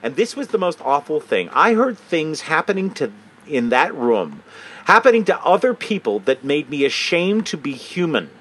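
A man's voice: fairly high pitch, very animated, normal speed, a bit bright, slightly rough. A man hosting a comedic commentary, mocking and swearing casually while reading a statement aloud. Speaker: host.

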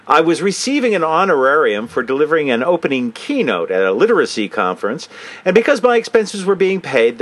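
A man hosting a comedic commentary, mocking and swearing casually while reading a statement aloud. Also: a little high. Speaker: host.

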